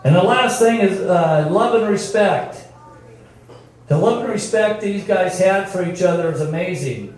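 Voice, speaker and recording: Older man, slow speech in echoing hall. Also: high-pitched, a little mellow. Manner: folksy, storytelling, emphatic. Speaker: former football coach. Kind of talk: speech at a team reunion. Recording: very echoey, from far off.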